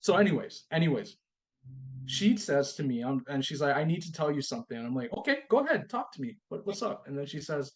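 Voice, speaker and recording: A man's voice: fairly high pitch, a little fast, slightly rough. A man guest on a podcast telling a personal story, acting out both sides of the talk and often repeating and restarting his phrases. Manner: animated storytelling, acts out both sides of a dialogue.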